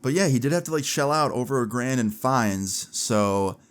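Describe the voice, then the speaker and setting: A man's voice: mid-range voice, lively intonation, normal speed, clear, resonant tone. A young man casually telling a story on his vlog, chatty and full of "like" fillers. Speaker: vlogger.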